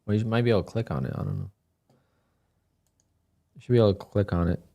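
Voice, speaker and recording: A man casually chatting on his live day-trading stream, relaxed and talkative, reading viewer questions aloud and answering them. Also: on the low side, quick pace, vocal fry, highs cut off. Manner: laid-back, chatty, reads chat questions aloud.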